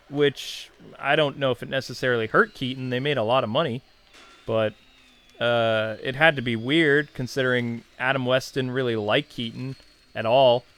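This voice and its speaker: A man's voice: medium pitch, pushed and bright. A man in his thirties, a channel host, casually reminiscing in a chatty, digressive way with many asides.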